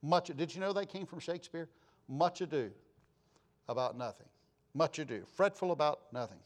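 Male pastor, sermon; folksy storyteller, lively delivery, voice sits a little high. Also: moderate pace.

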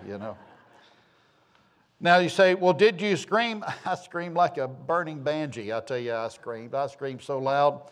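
A middle-aged man from the southern United States tells a rambling, homespun personal story with self-deprecating humor. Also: mid-range voice.

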